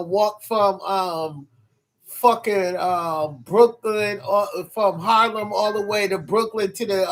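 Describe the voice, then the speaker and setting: A man with a high voice chats casually to his livestream viewers, rambling and swearing through a string of hesitations. He talks at an unhurried, slow pace. He comes from New York. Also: fairly bright tone. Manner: rambling and profane, full of hesitations.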